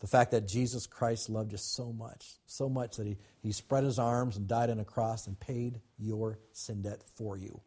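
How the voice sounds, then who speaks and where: A man's voice: on the low side, steady tone, normal speed, hardly any pauses, warm tone, slightly rough. A man preaching a sermon as pastor, emphatic and repetitive, calling on the congregation to respond.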